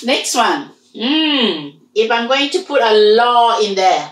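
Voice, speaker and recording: A woman's voice: on the high side, very animated, slow, hardly any pauses, fairly bright tone. A woman whose first language is Hmong, teaching a language lesson and patiently repeating and drilling each sound. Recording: roomy echo.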